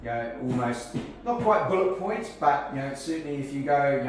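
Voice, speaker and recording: Talking fast with few pauses, a man with a New Zealand accent addresses a networking group as a life coach, his casual delivery full of fillers and restarts. The cafe function room sounds echoey through a distant mic, with faint ambience and background noise around his mid-range voice.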